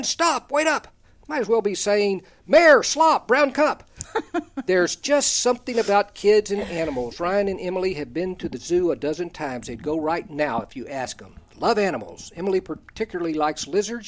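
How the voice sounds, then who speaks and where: An older man hosting a talk show, reading out a folksy, humorous story about kids and chuckling at his own jokes. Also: a little high. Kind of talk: reading a personal column aloud, then casual chat.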